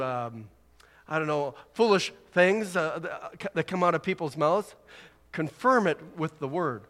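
Conversational preacher in a reverberant hall. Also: male voice, fairly high pitch, very animated, moderate pace, a bit bright. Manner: conversational, rising to emphatic exhortation. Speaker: pastor. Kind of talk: sermon.

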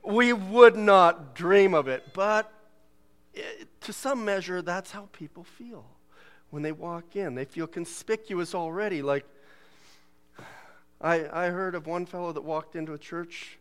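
A man's voice: sits high, unhurried, pauses often, a bit bright, clear, resonant tone. A man preaching a sermon in a church, joking and laughing often and putting on voices when he quotes people. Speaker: pastor. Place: church sanctuary.

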